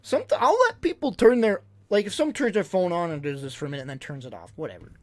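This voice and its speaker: A man's voice: high-pitched, fast. A man streaming live, casually telling stories to his chat and acting out what people said. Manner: animated, acts out quotes loudly. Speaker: livestreamer.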